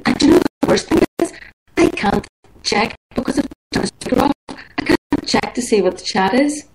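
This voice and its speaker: A woman's voice: on the high side, animated, moderate pace. A woman calls in and teases the host in easy, chatty talk. Her voice comes through a roomy, echoing line with a faint hiss behind it. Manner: teasing, chatty. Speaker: caller. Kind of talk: casual chat.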